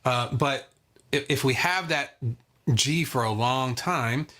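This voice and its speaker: A man teaching a live online guitar lesson in a relaxed, chatty way, counting beats aloud as he strums. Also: mid-range voice, slow pace. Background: acoustic guitar strumming.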